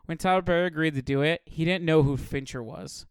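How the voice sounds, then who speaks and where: A man co-hosting a casual podcast, an animated storyteller who laughs a lot and acts out loud quoted voices. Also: fairly high pitch, a little fast, smooth, no echo, clean studio sound. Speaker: podcast co-host.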